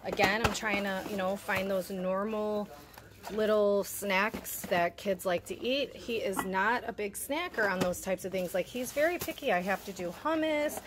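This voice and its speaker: A chatty woman in her thirties, talking casually to the camera from her home kitchen as she unpacks groceries. She sounds a little out of breath and keeps addressing her viewers as "you guys". A steady, clearly audible noise runs behind her voice. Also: mid-range voice, normal speed. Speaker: vlogger showing a grocery haul.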